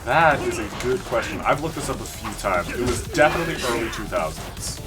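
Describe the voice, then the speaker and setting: Man, from Europe, lively pitch, chatty gamer, joking, music behind. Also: a little fast. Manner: chatty, joking, reads game dialogue aloud in put-on voices. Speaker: streamer playing a game. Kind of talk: casual gaming chat.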